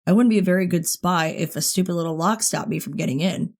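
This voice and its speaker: A woman's voice: on the low side, quick pace, a little mellow, lightly acted. Woman voicing a young male spy, cocky, dry, matter-of-fact, audiobook dialogue. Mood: smug.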